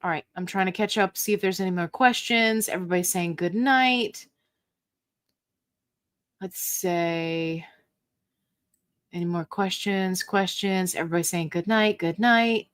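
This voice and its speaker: A woman's voice: lowish voice, a little slow, pauses often, no room sound, studio quality. A woman hosting a casual live Q&A stream, reading viewer comments aloud in a chatty, playful and self-mocking way, laughing often. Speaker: livestream host.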